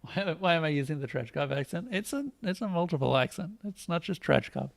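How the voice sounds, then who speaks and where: A young man streaming a text game, reading its lines aloud in a flat, clipped tone and breaking off to joke and laugh. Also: a little high, a little fast, vocal fry, no echo. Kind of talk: casual let's play with read-aloud game text.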